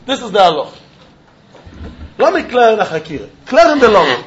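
A man's voice: sits high, very animated, normal speed, long pauses, a bit bright, a little hiss or hum. A man teaching a Talmud lesson in English peppered with Yiddish and Hebrew terms, acting out both sides of a legal case in quoted voices. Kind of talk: Talmudic lecture. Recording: dull lo-fi recording.

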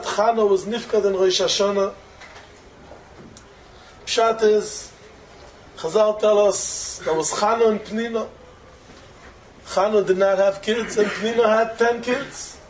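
A man's voice: sits high, slight background noise, poor audio. A man giving a storytelling Torah lecture who explains as he goes, repeats key phrases and asks rhetorical questions. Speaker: Torah teacher.

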